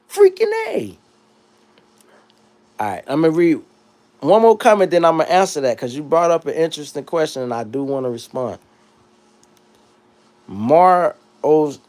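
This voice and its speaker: A man hosting a livestream, reading chat comments and riffing in a casual comedic rant that swings between loud high bursts and low mutters. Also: expressive, normal speed.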